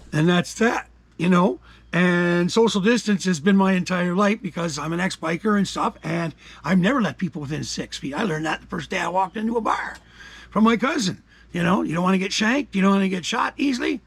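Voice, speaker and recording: Gravelly, profane older man ranting. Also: high voice, lively intonation, brisk, dry recording. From Canada. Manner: profane, combative, jumps from mutters to shouts. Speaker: commentary vlogger. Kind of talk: angry opinion rant.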